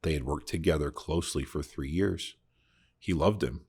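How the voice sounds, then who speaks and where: A man's voice: extremely low pitch, moderate pace, a little mellow, slightly rough. A man hosting a casual Bible discussion podcast, talking earnestly and reflectively, often restarting his sentences. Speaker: podcast host.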